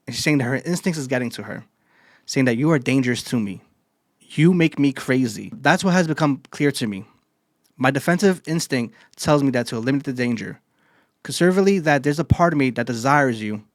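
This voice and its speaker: Casual male podcast host, mid-pitch, dry close sound, enthused and profane. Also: fast, no echo. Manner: excited, swears freely, retells scenes in quotes. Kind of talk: casual anime chapter recap.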